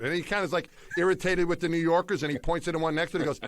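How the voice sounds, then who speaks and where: A man's voice: on the high side, fairly even intonation, very fast. A man from New York City, a co-host telling rambling anecdotes in casual chat, laughing often. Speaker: podcast co-host.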